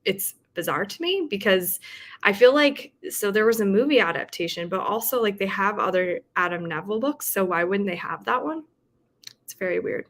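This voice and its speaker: A woman talks casually to her livestream viewers, reading out their comments and chatting back. Her voice is bright and clear, with a middling pitch. She fills the gaps with ums and short laughs. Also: lively intonation, moderate pace. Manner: chatty, with frequent fillers and laughs. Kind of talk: casual chat.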